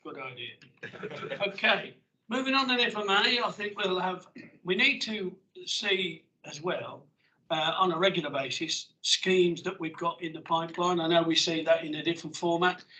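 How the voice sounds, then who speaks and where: A man chairing a formal board meeting, brisk and plain-spoken, with joking asides. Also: on the high side, pushed and bright, poor audio.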